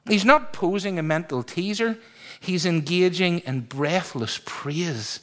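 A man preaching a sermon to a congregation, asking them questions and stretching words for emphasis. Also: on the high side. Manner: lively, drawn-out emphasis, asks congregation questions.

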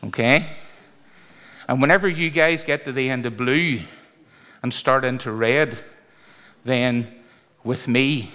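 A man preaches slowly in a large church, pausing often, his mid-range voice bright and forceful. He speaks earnestly and conversationally, breaking into sudden exclamations as he leads the congregation through a sermon with singing, recorded in an echoey hall.

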